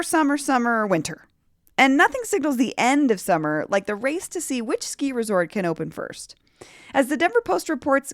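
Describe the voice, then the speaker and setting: A woman hosting a local news podcast, with a bubbly, animated delivery. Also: a little high, no room sound, clean studio sound. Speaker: podcast host.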